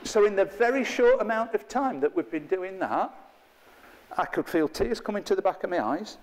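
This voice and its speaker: Chatty man, fairly high voice. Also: lively intonation, normal speed, big-room sound. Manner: chatty, self-mocking, playful. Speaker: workshop trainer. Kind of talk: interactive workshop teaching. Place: training room with a live group.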